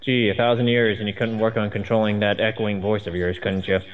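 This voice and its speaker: A man's voice: lowish voice, level tone, brisk, phone-quality sound. A man co-hosting a cartoon review, dry and sarcastic, rambling between fillers. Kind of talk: sarcastic commentary chat.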